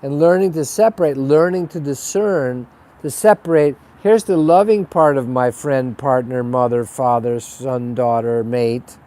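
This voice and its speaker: A man's voice: medium pitch, measured pace, mellow. A man hosting a spiritual webcast, talking in a rambling, blunt and profane monologue. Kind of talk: casual spoken monologue.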